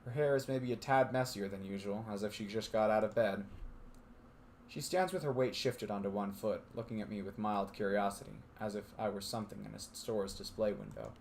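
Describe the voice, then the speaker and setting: Low-voiced man reading a story aloud. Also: fairly even intonation, fairly quick, gravelly, a little mellow, slight background noise. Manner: reads steadily, then laughs and banters. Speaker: streamer reading a visual novel aloud. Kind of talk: narration read aloud, casual chat with friends.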